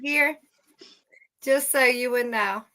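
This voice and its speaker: A woman's voice: high voice, takes it slowly, a crowd in the background. A woman co-hosting a casual livestream chat, ranting heatedly and swearing constantly.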